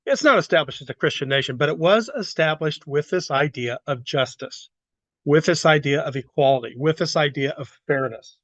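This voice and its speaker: A man with a higher voice, normal speed and a slightly bright tone leads a Bible lesson for a class in a church room. He speaks loosely and conversationally, quizzing the group and restarting often. There's no room sound, and the highs are cut off.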